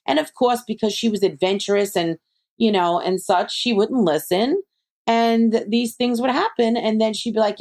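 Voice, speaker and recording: A woman's voice: fairly high pitch, moderate pace, darkish tone. A woman, a psychic medium being interviewed, who talks animatedly and acts out her friends' voices as she tells stories. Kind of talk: conversational interview.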